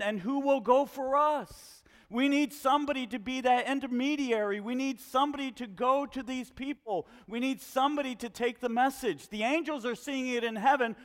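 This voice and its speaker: High-voiced guy preaching, gets fired up, asks the room questions, big hall echo. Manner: animated, questioning the congregation. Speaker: pastor. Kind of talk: sermon. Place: church hall with a congregation.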